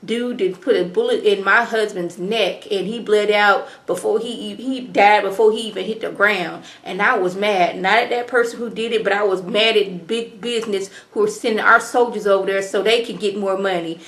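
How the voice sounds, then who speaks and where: Woman, casual TV recap vlog, chatty, slangy, mid pitch. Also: a little fast, few pauses, echoey room. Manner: chatty, slangy, animated retelling. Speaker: TV episode reviewer.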